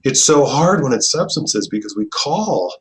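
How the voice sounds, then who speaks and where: A middle-aged man, a family therapist and trainer, telling stories in an earnest, reflective way and often softening his voice. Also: sing-song, a little slow. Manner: earnest, reflective, often drops to a soft low voice. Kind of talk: conversational storytelling.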